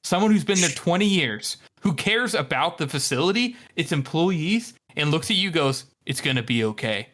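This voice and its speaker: A man co-hosting a book podcast, telling animated stories and swearing freely. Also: high-pitched, normal speed, hardly any pauses. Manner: profane, animated storytelling. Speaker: podcast co-host. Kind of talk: casual book discussion.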